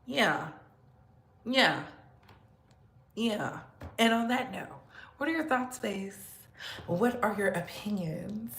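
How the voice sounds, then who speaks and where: A woman's voice: slow pace, creaky, pauses often, reverberant, slight background noise. A woman hosting a casual livestream, talking with sass and frequent laughter. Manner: sassy, laughs often, animated swings in pitch. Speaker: commentary channel host.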